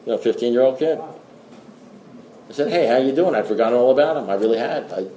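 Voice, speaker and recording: A middle-aged man at mid pitch talks to a recovery group in a rambling, storytelling way. He restarts and repeats his words and drops wry asides. A faint room noise sits behind the voice. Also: expressive, fast talker, dark tone, roomy sound. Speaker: recovery meeting speaker.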